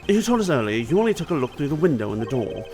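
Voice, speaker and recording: A man reading a cool and calculating prosecutor, lower and softer than his usual voice, who lays out each point in a measured way. Even when he lets his pitch move, his delivery stays steady and confident. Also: faint music behind. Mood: coolly probing. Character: cool, calculating male prosecutor pressing a witness.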